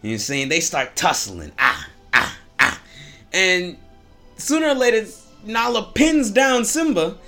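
Man, casual slangy storytelling, preachy asides, lively swooping pitch, fairly high voice. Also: unhurried, faint music behind. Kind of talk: casual storytelling with a moral message.

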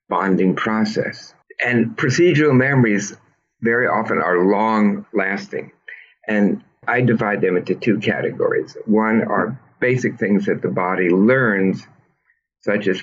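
A man with a deep, husky voice explains ideas patiently, like a teacher, often stopping to restart a phrase. He is a therapist answering interview questions. The recording sounds a little dull and lo-fi. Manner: thoughtful, teacherly, with frequent restarts. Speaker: trauma therapist, guest.

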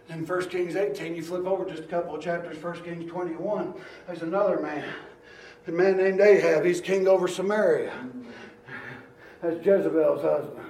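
A man preaching a sermon, moving between quiet storytelling and shouted exhortation. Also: high voice, far from the mic, a little hiss or hum. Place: church. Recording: echoey church hall.

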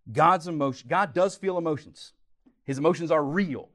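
A man preaching a teaching sermon, animated, swinging from loud emphasis to quiet, intense moments. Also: fairly high pitch, normal speed. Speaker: pastor.

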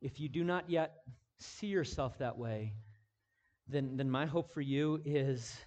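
A male pastor preaching a sermon, moving between hushed, intimate passages and loud, emphatic declarations, repeating phrases for emphasis. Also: medium pitch, a little slow, muffled recording.

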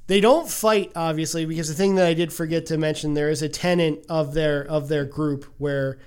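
A co-host retells a film plot in loose, run-on bursts, at an ordinary mid pitch. The talk is casual and lively, with frequent laughter among friends. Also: moderate pace, clean tone. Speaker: podcast co-host. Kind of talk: casual movie recap chat.

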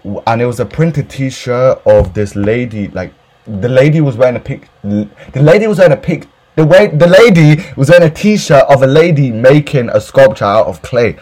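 A young man with a husky, breathy voice, swearing freely as he rants through his stories. His pitch sits in a middle range for a man. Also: normal speed. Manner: animated, profane, ranting. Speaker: podcast host telling retail stories. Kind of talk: casual storytime rant.

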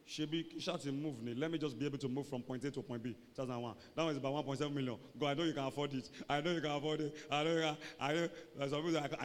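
Animated high-voiced pastor preaching. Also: male voice, fast talker. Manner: animated, swings between booming shouts and low mocking asides. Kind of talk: sermon. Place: church hall. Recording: reverberant church hall.

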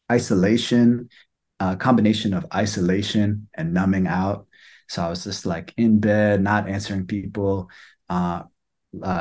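A young man with a slightly low voice talks through a personal experience in a soft, halting way. He pauses often and leans on fillers as he searches for words. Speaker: student sharing experience. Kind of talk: reflective personal sharing.

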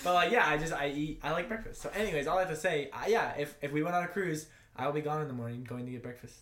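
A young man from the northern United States chatting casually on a podcast, rambling, joking and quick to laugh. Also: a little high, a bit bright. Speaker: podcast co-host.

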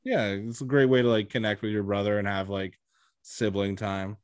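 A man's voice: on the low side, flat delivery, moderate pace, clean tone, no room sound, studio quality. A young man hosting a podcast in casual chat, talking chattily with lots of laughs and filler words. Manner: chatty, laughs often, says "like" a lot. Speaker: podcast host.

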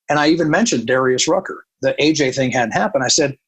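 A man's voice: mid-range voice, fast, hardly any pauses, breathy edge, poor audio. A man who works as a country radio programmer, telling a long anecdote in casual talk and acting out the dialogue. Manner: animated, quotes people in dialogue.

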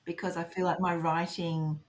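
A woman's voice: on the low side, flat delivery, normal speed, a little hiss or hum. A woman with an Australian accent, a guest author chatting in a casual podcast interview, giggly and sarcastic as she tells stories.

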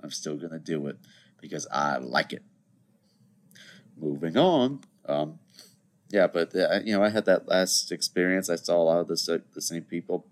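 A man in his twenties hosts a solo podcast while seated at a computer indoors, rambling chattily and tossing joking asides to listeners. His low voice has lively intonation and a moderate pace.

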